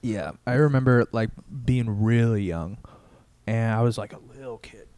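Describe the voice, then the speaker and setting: Young male podcast co-host, smooth clear voice, relaxed chatty delivery, dry close sound. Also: on the low side, normal speed, dry recording. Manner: laid-back, chatty, lots of fillers. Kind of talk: casual comedic chat.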